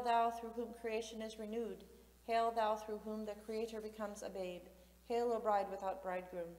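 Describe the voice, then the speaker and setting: A woman reading hymns and the feast's story aloud in church, solemn and measured. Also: mid-range voice. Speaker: reader and chanter. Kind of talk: liturgical reading and chant. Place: large church. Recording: roomy echoing church from afar.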